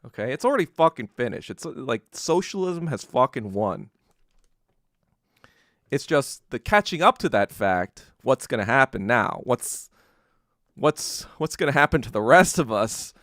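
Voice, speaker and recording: A man's voice: medium pitch, big pitch swings, a little slow, fairly bright tone, dry recording, studio quality. A man hosting a podcast, ranting casually with lots of swearing and laughing between phrases. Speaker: podcast host. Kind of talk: casual solo rant.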